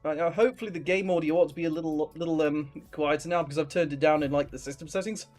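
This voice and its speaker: A woman, a streamer host chatting casually while gaming, halting now and then. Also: sits low, darkish tone, soft background music.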